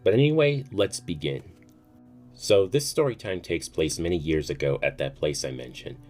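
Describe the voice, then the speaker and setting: A man's voice: low-pitched, lively intonation, moderate pace, a little mellow. A man telling a personal story in a casual, chatty way, swearing freely. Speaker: storytime youtuber. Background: faint music.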